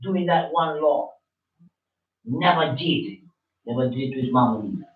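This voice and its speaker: A man with a mid-range voice delivers a fiery street-style sermon a little slowly, scolding, swearing and repeating phrases over and over. The recording sounds muffled and distant in an echoey room.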